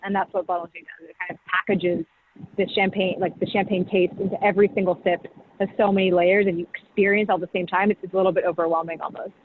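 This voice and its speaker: On a tinny video call with faint hiss, a woman who directs a champagne brand explains tasting in a casual, chatty way full of "like" and "you know." Her voice is on the low side, her delivery flat, and she talks fast.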